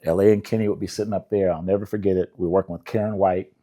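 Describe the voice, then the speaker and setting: An older man from Indianapolis, a songwriter being interviewed, telling relaxed stories with laughter and acting out the voices of people he quotes. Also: sits low, rapid-fire. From Indianapolis, USA. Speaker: songwriter guest.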